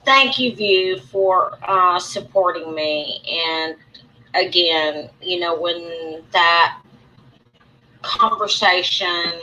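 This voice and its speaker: A woman's voice: fairly low pitch, drawn-out words, bright, forceful tone, lo-fi sound, slight background noise. A woman hosting a casual livestream, rambling and aggrieved as she talks through her grievances and greets chat viewers by name. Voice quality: rambling, repeats and restarts. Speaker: livestream host.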